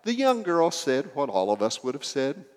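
A man's voice: fairly high pitch, very animated, moderate pace, in a large hall. A man preaching a sermon, telling a story with acted dialogue and building to emphatic swells.

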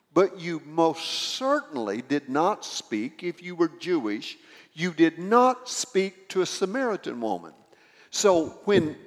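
Animated man preaching a sermon. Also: high-pitched. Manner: explanatory, animated storytelling. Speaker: pastor. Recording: echoey hall with long reverb.

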